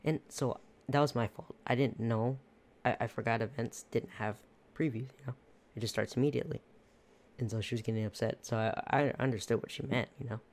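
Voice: medium pitch, fairly even intonation, a little fast, a little mellow. A podcast host telling a rambling, casual story about work at a movie theater, laughing often.

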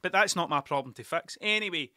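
A man's voice: on the high side, lively intonation, fast talker, sharp tone, no room sound, clean studio sound. A man hosting a podcast, telling stories in a rambling, sweary style and laughing along. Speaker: podcast host. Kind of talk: casual storytelling monologue.

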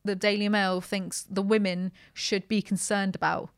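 A woman's voice: medium pitch, flat delivery, moderate pace, smooth, no room sound, clean studio sound. A woman hosting a podcast, reading headlines aloud and mocking them with sarcastic, swearing asides. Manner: sarcastic, swears, laughs often. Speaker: podcast host.

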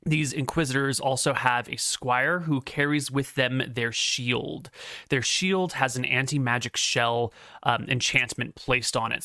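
A man's voice: mid-range voice, pushed and bright, no room sound, studio quality. A man narrating as game master in a tabletop game, casual and descriptive, with frequent filler words.

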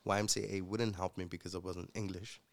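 Gravelly low-voiced man. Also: flat delivery, brisk. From South Africa. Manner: earnest, reflective, with many fillers. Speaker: guest and future co-host. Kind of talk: casual interview storytelling.

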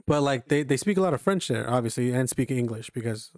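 A man's voice: medium pitch, lively intonation, fast talker, a little mellow, dry recording, studio quality. A man from the United States in casual podcast chat, rambling with many fillers and frequent swearing.

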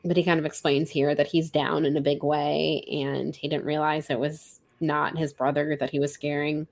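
A woman's voice: low voice, flat delivery, normal speed, vocal fry, a little mellow. Chatty woman retelling a novel. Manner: chatty, lots of "like" and quoted dialogue. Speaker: podcast co-host. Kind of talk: casual book-club chat, retelling a novel.

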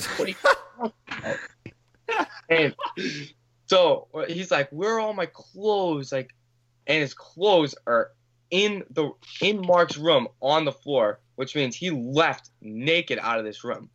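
In a muffled recording, a man with a fairly high, expressive, slightly bright voice speaks slowly with long pauses. As a podcast guest in casual chat, he tells a long rambling anecdote, filler-heavy, swearing, and acting out what people said.

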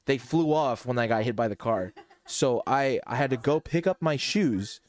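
A young man on a casual podcast, telling a long story among friends in an animated, rambling way and acting out what people said. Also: mid-range voice, moderate pace. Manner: rambling, animated, acts out quotes. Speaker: podcast co-host.

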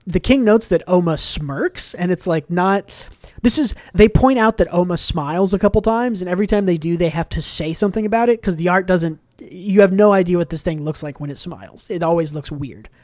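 A man with a fairly high voice chats casually on a podcast, recapping a comic with plenty of fillers and acted-out quotes. The recording is close and dry, with no room sound. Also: a little fast, darkish tone, dry recording. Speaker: podcast co-host. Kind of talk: casual book club discussion.

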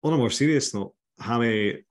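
A man's voice: medium pitch, moderate pace. A Scottish man hosting a casual podcast chat, wry and teasing, often laughing. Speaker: podcast host.

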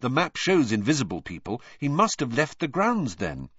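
A man's voice: medium pitch, huge pitch swings, normal speed, a bit bright, slightly rough, no room sound, far from the mic, lo-fi sound, pitched above the performer's own voice, heavily acted. A man voicing a tired, earnest teenage boy wizard who speaks directly.

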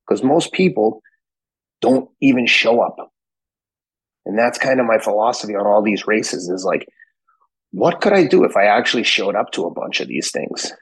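A man's voice: mid-range voice, animated, moderate pace, husky, no echo, poor audio. A man in his fifties from Boston, a guest telling stories with swearing, acting out both sides of his conversations. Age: 50s. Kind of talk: animated storytelling.

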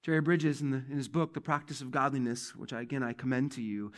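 At a quick pace and medium pitch, a male pastor preaches a conversational sermon in church. He leans on repeated key phrases and swings between loud emphasis and quiet asides.

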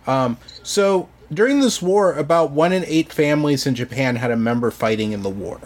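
A man's voice: fairly high pitch, lively intonation, normal speed. A man co-hosting a podcast, explaining history in a casual, hesitant way, full of ums and "sort of". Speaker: podcast co-host presenting history.

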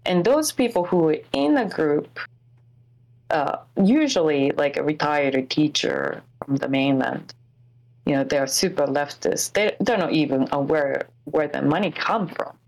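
Low gravelly woman from Japan. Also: a little mellow, rough recording. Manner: halting, many fillers and restarts. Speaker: streamer. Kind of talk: casual chat.

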